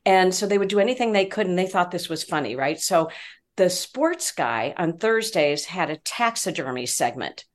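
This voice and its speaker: A woman in her sixties, a veteran reporter, telling an animated story as a podcast guest and filling her talk with "like" and "you know". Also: on the low side, normal speed. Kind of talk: casual storytelling chat.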